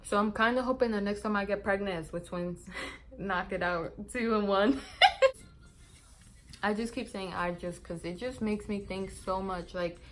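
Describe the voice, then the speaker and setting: Chatty young mom, laughing and rambling. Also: female voice, mid-range voice, unhurried, a bit bright, slight background noise, poor audio. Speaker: mom vlogger. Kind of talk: casual chat to camera.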